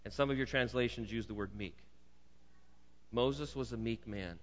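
A man's voice: mid-range voice, moderate pace. A male pastor preaching a sermon in a conversational way, with jokey asides and words often repeated. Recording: dull sound in a long-reverb hall.

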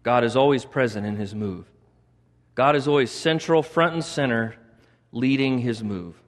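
A man's voice: mid-range voice, normal speed. A male pastor preaching a sermon, repeating points for emphasis and adding chatty asides. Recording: long reverb of a large hall.

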